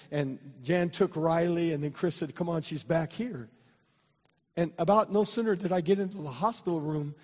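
An older man, a pastor, telling a personal story in a sermon, with many restarts, building to loud, fervent preaching. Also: on the high side. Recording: long hall reverb.

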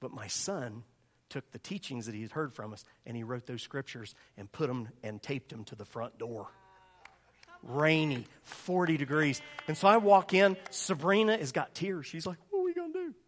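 A middle-aged man preaching a sermon, telling a story with lively, animated delivery and jumping up high when he acts out voices. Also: moderate pace. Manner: animated storytelling, acting out voices in a much higher pitch.

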